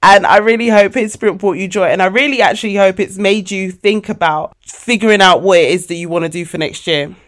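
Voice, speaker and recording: A woman of forty, hosting a casual motivational podcast monologue, animated and emotional, calling her listeners babes. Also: medium pitch, fairly quick, few pauses. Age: 40s. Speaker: podcast host.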